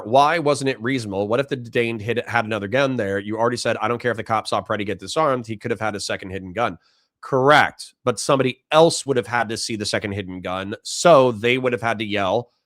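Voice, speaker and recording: Young guy streaming, reads chat out loud, swears a lot, dry close sound. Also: mid-range voice, no echo. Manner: blunt, profane, reads donations aloud in mock voices. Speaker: livestream host reading chat. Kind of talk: casual livestream chat.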